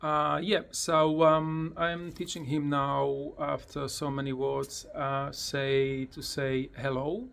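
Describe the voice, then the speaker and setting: A man casually explaining how he teaches his parrot to talk, in plain, slightly broken English, often repeating words in a high, sing-song voice, recorded at home beside the bird. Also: level tone, vocal fry, a bit bright, clear, resonant tone. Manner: slow, plain explanations with simple non-native grammar. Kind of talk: casual tutorial vlog.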